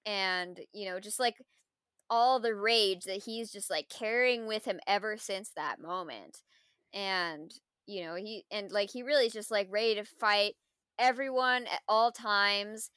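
A woman's voice: mid-range voice, a little slow, fairly bright tone, clean tone, no echo, studio quality. A woman co-hosting a casual film review podcast, talking thoughtfully and reflectively, full of "like" and "you know". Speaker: podcast co-host.

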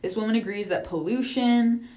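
A woman's voice: fairly high pitch, normal speed, a little mellow. Chatty, swearing woman host. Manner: profane, chatty, laughs often. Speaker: podcast host. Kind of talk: casual monologue.

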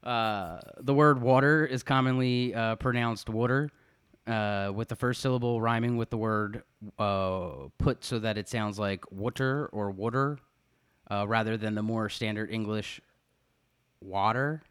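A man's voice: fairly low pitch, normal speed, fairly bright tone, smooth. A young man with a Philadelphia accent, hosting a casual podcast and explaining things with lots of fillers. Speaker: podcast host. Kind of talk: casual chat, reading notes aloud.

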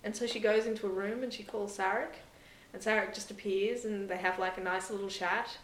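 A woman's voice: medium pitch, fairly even intonation, a little fast. Rambling woman podcaster, echoey room. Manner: rambling, heavy use of "like" and "sort of". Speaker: podcast host. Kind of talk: casual chat recapping a TV episode. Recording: roomy echo.

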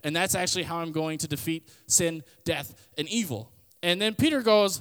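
A man with a notably high voice hosts a relaxed Bible teaching podcast. He tells stories and retells scripture in loose everyday slang, and his voice trails off into a long reverb tail. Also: a little fast, clear, resonant tone. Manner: conversational, storytelling, paraphrases scripture in everyday slang.

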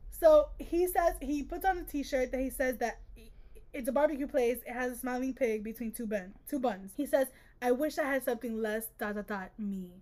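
A woman co-hosting a casual book-discussion podcast, animated and laughing as she acts out quotes from the book. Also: high-pitched, normal speed. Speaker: podcast co-host.

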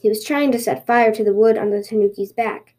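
High-voiced woman reading a folktale. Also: fairly even intonation, brisk, mellow. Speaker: podcast host and storyteller.

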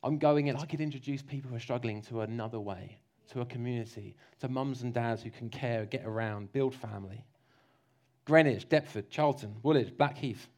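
A man preaching a lively, jokey sermon, slipping into mock voices to make his points. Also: medium pitch, fairly quick.

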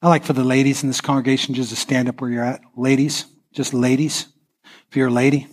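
A man preaching a sermon as pastor, impassioned, swinging from near-shouts down to a hushed prayer. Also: mid-range voice, level tone, quick pace.

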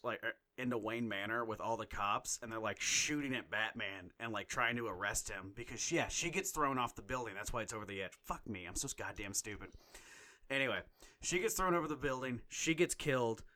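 A man casually chatting on a podcast, animated and profane, getting emotional as he retells stories. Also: medium pitch, moderate pace. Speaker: podcast co-host.

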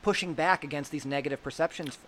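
A man's voice: a little high, fast talker, a bit bright, a little hiss or hum. A man hosting a podcast, chatting casually and enthusiastically, affirming his guest. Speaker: podcast host.

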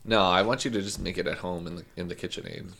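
A man's voice: deep voice, fairly even intonation, fast talker, gravelly, a bit bright. A man in casual chat with a friend, campy and teasing, laughing often.

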